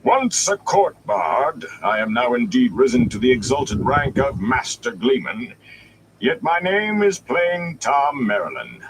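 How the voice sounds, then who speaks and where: A man's voice: medium pitch, measured pace, pitched above the performer's own voice, rough recording. A man doing a grand, mocking old bard. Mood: showy. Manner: theatrical, dry and mocking. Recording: steady background noise.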